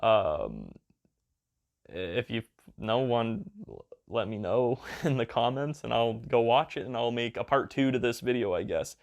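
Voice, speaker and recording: A man's voice: mid-range voice, sing-song, unhurried, gravelly. Rambling, crude-joking man. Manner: crude, joking, hyperbolic, with lots of fillers. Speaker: video creator. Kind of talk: casual rambling commentary.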